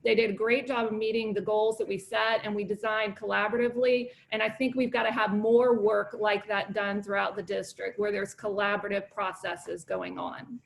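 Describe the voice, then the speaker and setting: A middle-aged woman and former school administrator, answering as a candidate at a forum in a confident, measured way. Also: medium pitch, level tone, vocal fry.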